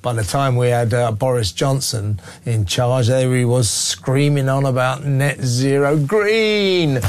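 A man's voice: mid-range voice, slow, hardly any pauses, slight background noise. A man hosting a phone-in talk radio show, reading out listener messages and giving blunt, opinionated views that rise into heated rhetorical questions.

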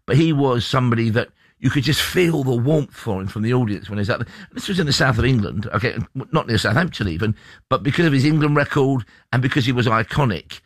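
Fast-talking male radio host. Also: mid-range voice, lively intonation, dry recording. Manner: brisk, enthusiastic. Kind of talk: radio phone-in chat.

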